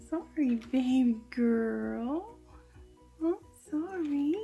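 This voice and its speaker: A woman hosts a toy role-play vlog in a high, gentle voice. She speaks slowly and coaxes her doll like a mother. She often sinks to a hushed whisper, and clear music plays behind her. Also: expressive, lo-fi sound. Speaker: toy channel host.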